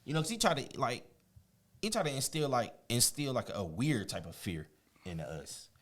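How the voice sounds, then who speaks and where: A man, a guest on an interview show, telling a personal story in a casual, animated way, often laughing and acting out quotes. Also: mid-range voice, normal speed.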